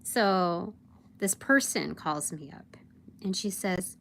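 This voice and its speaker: A woman's voice: on the low side, takes it slowly, gravelly, fairly bright tone, slight background noise. A young woman telling a work story on a casual livestream, rambling with many fillers and acting out her boss's lines. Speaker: vlogger.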